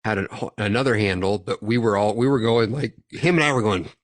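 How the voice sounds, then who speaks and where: A man's voice: lowish voice, fairly quick, dry recording, studio quality. Profane laughing storyteller, a young man. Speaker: podcast host. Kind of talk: casual chat.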